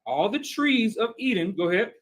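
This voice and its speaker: A man's voice: sits high, big pitch swings, moderate pace, fairly bright tone, poor audio. A man teaching a bible class, talking conversationally and often checking in with his listeners. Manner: conversational, keeps checking with "right?" and calling on readers. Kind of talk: scripture teaching.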